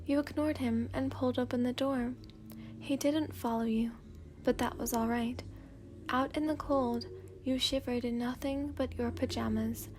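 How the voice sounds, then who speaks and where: A woman reading second-person fanfiction in a slow, hushed, sleepy storytelling voice, at times dropping to a whisper. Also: fairly high pitch, steady tone, a little hiss or hum. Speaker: fanfiction reader.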